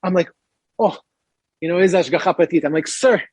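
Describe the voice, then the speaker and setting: A man on a podcast tells a story with lots of energy, jumping up in pitch to act out the other people in it. His voice is husky and sits a little high. The recording is dry and close. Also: a little fast, dry recording. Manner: lively, acts out other people's lines in raised voices. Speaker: podcast guest. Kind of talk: animated storytelling.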